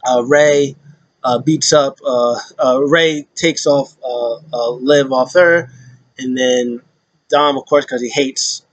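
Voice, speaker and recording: A man's voice: medium pitch, steady tone, slow, no room sound, highs cut off. A man casually recapping wrestling, rambling with many fillers and acting out quotes in put-on voices.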